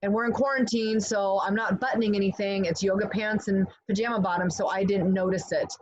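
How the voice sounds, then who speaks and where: A middle-aged woman tells her personal testimonial earnestly, pausing to clear her throat. The call audio sounds a bit muffled, with a faint hiss underneath. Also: mid-range voice, steady tone. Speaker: guest giving a testimonial.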